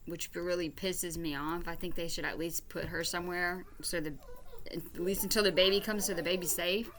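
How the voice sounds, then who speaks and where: A woman's voice: on the low side, fairly even intonation, normal speed, a bit bright, a little hiss or hum. A woman hosting a casual reaction commentary, exasperated and blunt, with some swearing. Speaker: commentary video host.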